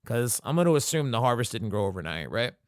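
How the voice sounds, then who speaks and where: A man's voice: mid-range voice, big pitch swings, quick pace, no room sound, clean studio sound. Casual, foul-mouthed man hosting a podcast. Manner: profane, jokey, rambling commentary. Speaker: podcast host. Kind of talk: casual solo podcast recap.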